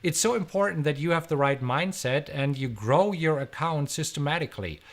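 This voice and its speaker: Here a middle-aged man from Germany runs a live stream and responds to his audience's questions. His German-accented voice is fairly high and moves at a moderate pace, and his energetic chatter keeps circling back over the same words.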